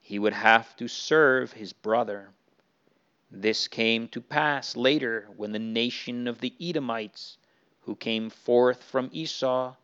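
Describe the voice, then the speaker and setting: A man's voice: medium pitch, fairly bright tone, clean tone. A man narrating a Bible story to children in an earnest way, sometimes speaking straight to the characters. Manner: earnest, addressing the characters directly. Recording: dull lo-fi recording.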